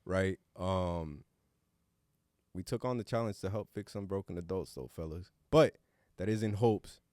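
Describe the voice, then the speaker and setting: Low-sitting and dark in tone, this man's voice moves at a measured pace with no echo. He's a co-host on a casual podcast roundtable and an adult with a young son, reflecting earnestly and swearing casually from time to time.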